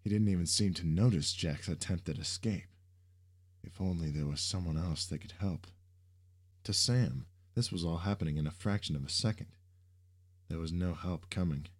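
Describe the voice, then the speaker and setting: Low-voiced guy reading out a story, steady and even. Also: normal speed. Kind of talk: scripted narration.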